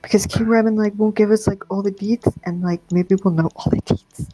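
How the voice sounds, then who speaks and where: A woman playing a tabletop game, excitable and playful. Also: medium pitch, a little fast, husky, no room sound, soft background music, low-quality recording. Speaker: player.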